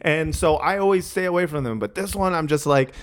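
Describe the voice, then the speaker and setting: A man with a somewhat high voice chats casually in a group, thinking out loud. He wanders through his points, stalling and restarting sentences as he goes. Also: fairly quick, clean tone. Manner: rambling, hesitant, restarts thoughts.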